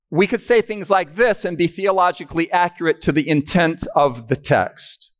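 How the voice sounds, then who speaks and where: A man's voice: a little high, moderate pace, hardly any pauses. A man preaching a sermon to a live audience, teaching step by step and asking them questions as he goes.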